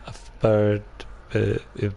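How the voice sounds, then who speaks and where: A man streaming a game live, thinking aloud slowly as he plays. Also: mellow, highs cut off, slight background noise. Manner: slow, musing, thinks aloud. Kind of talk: live gameplay commentary.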